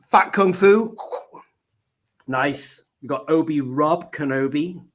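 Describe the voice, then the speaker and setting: A man's voice: fairly high pitch, slow. Chatty man hosting a stream. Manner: chatty, jokey, laughs often. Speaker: host of a live stream show. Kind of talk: casual chat. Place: at home.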